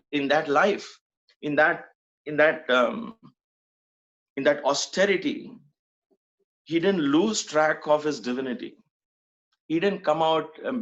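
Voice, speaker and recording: Captured on a dull lo-fi recording, this middle-aged man from Mumbai, India speaks as a spiritual speaker in an earnest devotional talk. He leans on repetition and rhetorical questions, his medium-pitched voice slightly bright.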